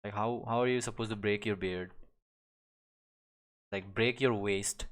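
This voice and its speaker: Low-voiced young man rambling casually. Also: steady tone, a little slow. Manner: rambling, many restarts and fillers, chuckles often. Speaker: live-stream digital artist. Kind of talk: casual chat while drawing.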